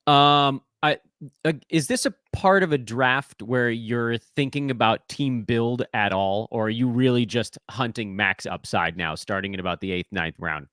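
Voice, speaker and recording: A man hosting a casual fantasy sports podcast, asking questions in a lively, joking, self-deprecating way. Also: medium pitch, normal speed, clean tone, no echo, clean studio sound. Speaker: podcast host.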